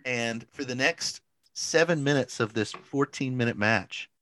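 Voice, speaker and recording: A man's voice: mid-range voice, unhurried, bright, forceful tone. A man co-hosting a casual podcast, telling a long story with lots of "like" fillers and frequent laughter. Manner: rambling storyteller, many "like" fillers, laughs often. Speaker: podcast co-host. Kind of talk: casual chat.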